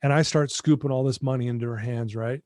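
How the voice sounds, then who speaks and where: A middle-aged podcast guest who works as an addiction recovery mentor tells his recovery story over a video call, talking straight to the host with earnest warmth of feeling. He talks fast in a steady, mid-range voice that's a little mellow, with no echo on the recording.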